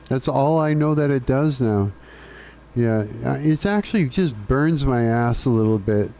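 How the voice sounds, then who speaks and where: Casual streamer guy, profane ranting, mellow low tone. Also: expressive, unhurried. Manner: ranting, profane, laughing often. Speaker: live streamer. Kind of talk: casual chat with live chat.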